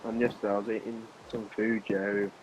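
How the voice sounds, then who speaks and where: Gaming and chatting casually with friends, a young male streamer rambles through a story, restarting often and laughing. He talks fast in a lowish voice with little pitch movement, over background noise.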